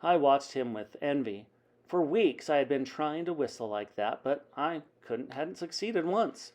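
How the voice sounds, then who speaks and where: Teacher guy reading a kids book out loud, lively swoopy voice, a bit high. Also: a little slow. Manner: animated, dramatic storytelling. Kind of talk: reading a children's book aloud.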